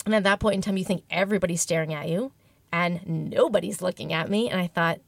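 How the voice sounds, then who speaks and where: A woman's voice: fairly low pitch, steady tone, quick pace, vocal fry, no room sound. A woman guest telling a candid personal story in an interview, reflective and emotional, often restarting her sentences.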